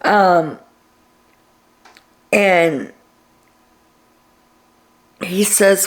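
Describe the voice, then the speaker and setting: A woman's voice: on the low side, very animated, measured pace, vocal fry, long pauses. A tired woman chattily recapping a reality show to her viewers, retelling scenes as she goes. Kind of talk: casual recap to camera.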